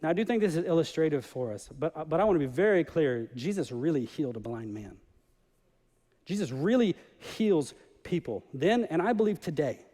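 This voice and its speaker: High-voiced man preaching in a reverberant church. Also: normal speed. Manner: animated preaching, acting out voices in the story. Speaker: pastor. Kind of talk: sermon. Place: church sanctuary. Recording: church hall with long reverb.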